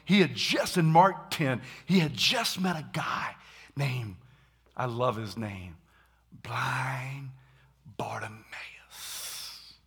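Male preacher, husky voice, bright tone, slow deliberate delivery, animated sermon. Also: mid-range voice. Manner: animated, acts out scenes, shouts dramatically.

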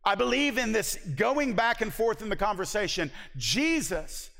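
Impassioned high-voiced male preacher. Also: expressive, normal speed, creaky. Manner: impassioned, rises to emphatic peaks and drops to hushed low passages. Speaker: pastor. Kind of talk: sermon. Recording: long hall reverb.

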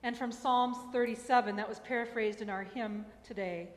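A woman's voice: fairly high pitch, steady tone, moderate pace. A woman pastor reading scripture and preaching a sermon in a candid, personal way, with emphatic asides. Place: church sanctuary. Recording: echoey church hall.

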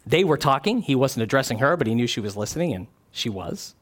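Animated male preacher, lively pitch. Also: fairly quick, few pauses. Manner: animated, acts out quoted voices with sudden drops. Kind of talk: sermon.

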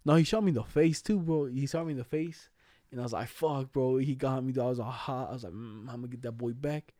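A man's voice: medium pitch, quick pace, warm tone, dry recording, clean studio sound. A young man in casual chat, telling school stories in slangy, profane talk and laughing often.

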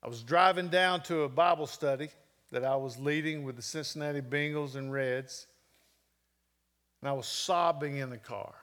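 Middle-aged male pastor, fairly high voice, heartfelt storytelling sermon delivery. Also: normal speed, fairly bright tone. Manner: emotional storytelling, earnest preaching with shifting volume.

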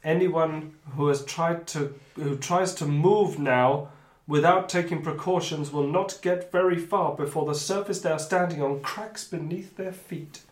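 A man's voice: on the high side, steady tone, measured pace. A man running a tabletop adventure as game master, reading the scenes aloud between sweary asides. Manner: reads narration, then breaks off for sweary asides. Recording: echoey room.

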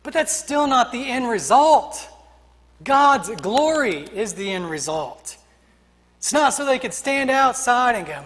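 A man's voice: very high-pitched, lively intonation, moderate pace, fairly bright tone, long reverb tail. A man preaching a sermon as pastor, emphatic and rhythmic, building his points through repeated refrains.

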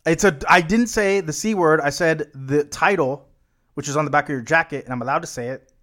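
Laid-back swearing American podcast host. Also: male voice, a little high, a little fast, fairly bright tone. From United States. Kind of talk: casual chat.

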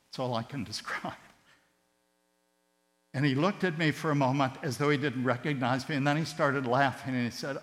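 A man preaching a sermon with passion, his voice surging loud on key words and then dropping to a hush. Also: mid-range voice, normal speed. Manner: impassioned, swinging between loud emphatic rises and hushed tender drops. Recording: long hall reverb with mains hum.

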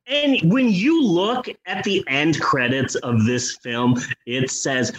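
A man's voice: on the high side, slow pace, few pauses, a bit bright, muffled recording. A man co-hosting a podcast, reviewing a film in casual chat with sarcastic, profane remarks. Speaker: podcast co-host.

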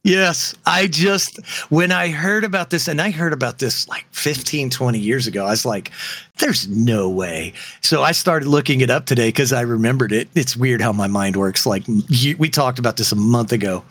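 A man's voice: medium pitch, normal speed, fairly bright tone. A man co-hosting a casual podcast chat, joking and laughing often. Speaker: podcast co-host.

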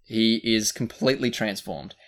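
This Australian podcast co-host speaks in a lowish voice at a moderate pace, meandering through a movie review with plenty of fillers and restarts in a casual style.

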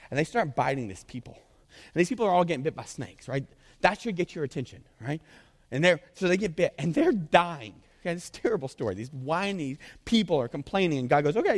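A man preaching as a pastor, telling the story with animated energy and tossing in frequent "right?" asides. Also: on the high side, fairly quick, in a large hall. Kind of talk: sermon.

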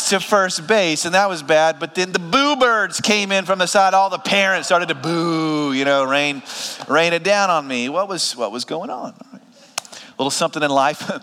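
High, bright-voiced preacher in a reverberant hall. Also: male voice. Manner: call-and-response preaching, rising to emphatic peaks. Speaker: pastor. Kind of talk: sermon.

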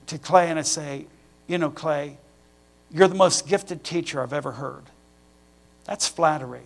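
A middle-aged man preaches a sermon, telling personal stories from the pulpit. His voice sits a little high and has a gravelly edge, and he builds to animated emphasis. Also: unhurried, pauses often. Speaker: pastor.

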